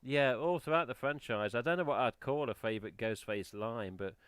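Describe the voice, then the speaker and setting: A man's voice: mid-range voice, a bit bright, smooth, no room sound. Chatty English man hosting a live stream. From England. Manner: chatty, quick to laugh, lots of "yeah". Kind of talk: casual live stream chat.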